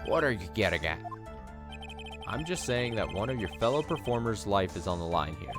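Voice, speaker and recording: A man's voice: on the low side, sing-song, normal speed. A man voicing an earnest young male defense lawyer in a let's play, asking probing questions, with game music behind.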